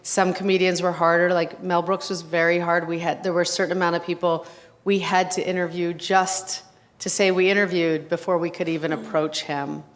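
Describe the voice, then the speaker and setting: Halting low-voiced woman filmmaker. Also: flat delivery. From United States. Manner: halting, with many fillers and restarts. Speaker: filmmaker receiving an award. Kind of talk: acceptance speech and audience Q&A.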